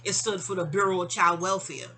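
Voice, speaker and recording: A woman's voice: lowish voice, fairly quick, pushed and bright, soft background music. A middle-aged woman telling a long personal story in a casual, rambling way, often digressing. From New York.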